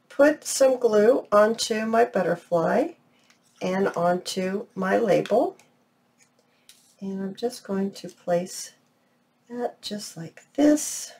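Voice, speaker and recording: Slow-talking, gushing crafty woman. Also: medium pitch, darkish tone. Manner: chatty, gushing over her crafts. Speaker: crafting channel host. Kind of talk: craft tutorial vlog.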